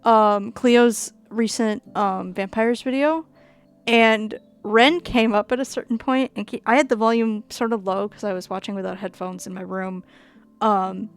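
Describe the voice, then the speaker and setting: A woman's voice: medium pitch, steady tone, measured pace, clean tone. A young woman with a Minnesotan accent, chatting casually on a gaming stream, rambling and laughing with many fillers and casual swearing. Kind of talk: casual live-stream chat while gaming.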